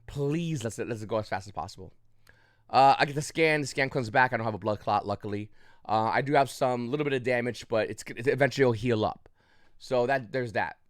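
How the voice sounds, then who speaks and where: A man's voice: mid-range voice, a little fast, no echo, clean studio sound. A man casually recounting a story to the camera, rambling with restarts and short of breath, with frequent coughs. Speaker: YouTube channel host.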